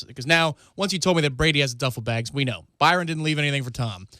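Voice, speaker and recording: A man co-hosts a sports talk radio show in a relaxed, plainspoken manner. His voice is a bit high, and the recording is dry and close. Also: fast, no room sound. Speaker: radio co-host. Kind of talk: casual talk radio banter. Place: radio studio.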